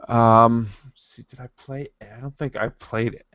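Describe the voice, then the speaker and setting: A man's voice: medium pitch, steady tone, normal speed, no echo, highs cut off. A man co-hosting a podcast in casual chat. He rambles and restarts his sentences often. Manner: rambling, full of fillers and restarts. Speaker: podcast co-host.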